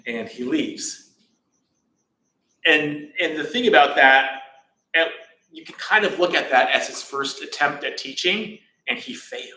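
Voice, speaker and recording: A man giving a casual dharma talk in a temple hall, relaxed and chatty, with many fillers and restarts. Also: on the high side. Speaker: temple teacher. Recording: echoey hall.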